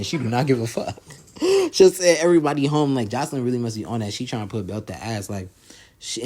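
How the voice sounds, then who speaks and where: Male reviewer, casual slang recap, average pitch, laughs often and gets loud when he quotes people. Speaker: reality show reviewer.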